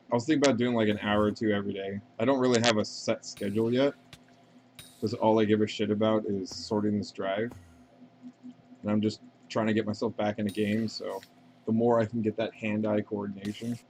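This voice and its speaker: A man's voice: lowish voice, steady tone, brisk, a little mellow, a little hiss or hum. A man chatting casually and rambling while playing a game on a live stream, swearing freely and answering viewer questions.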